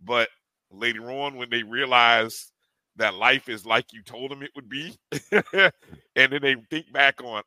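A man's voice: medium pitch, unhurried, bright, forceful tone, clear, resonant tone, no room sound, poor audio. A middle-aged man co-hosting a sports podcast, easygoing, with stammering restarts. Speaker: podcast co-host.

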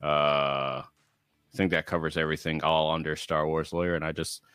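A man with a deep voice and vocal fry, chatting as a podcast guest. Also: level tone, moderate pace, a bit bright, no echo, studio quality. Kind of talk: casual chat.

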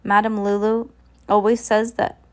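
A woman's voice: medium pitch, level tone, a little slow, natural voice. Pompous fake fortune teller talking about herself in third person, woman doing the voice. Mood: grand.

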